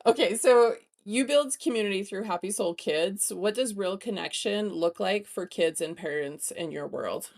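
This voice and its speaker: A woman's voice: mid-range voice, moderate pace, hardly any pauses, darkish tone. A woman hosting an interview, encouraging and asking her guest questions. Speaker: host. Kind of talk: interview host.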